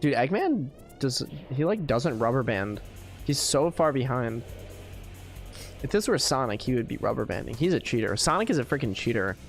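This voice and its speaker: A male streamer chats casually over his gameplay, rambling loosely and filling his talk with "like". His voice sits at an ordinary middle pitch. Game music plays faintly behind him. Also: sing-song, moderate pace. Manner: chatty, rambling, many fillers like "like".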